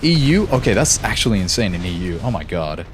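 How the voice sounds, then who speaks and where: A man's voice: low-pitched, very animated, fairly quick, slight background noise. A young American man streaming a shooter game, chatting casually with his chat and laughing often. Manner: laid-back, laughs often, reads chat aloud. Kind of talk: casual live-stream chat while gaming.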